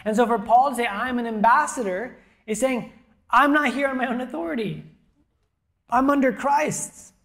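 A woman pastor preaching a sermon to a congregation in a church, conversational and emphatic, with soft, quiet asides. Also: fairly high pitch. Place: church auditorium before a congregation.

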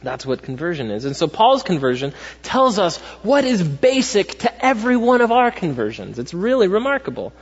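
A husky-voiced young man preaches in a relaxed, chatty way, tossing out "right?" as he goes. His voice sits a little high for a man. The sound is dull and muffled, with a long reverb tail from a big hall. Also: normal speed, hardly any pauses. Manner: conversational, animated storytelling with frequent "right?" and "like". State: tired. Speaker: pastor. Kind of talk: sermon. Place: large church hall.

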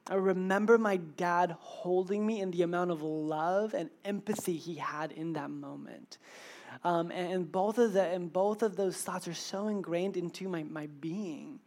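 Joking pastor telling a story. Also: male voice, sits high, measured pace, darkish tone. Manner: humorous, self-deprecating storytelling. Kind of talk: sermon with personal story.

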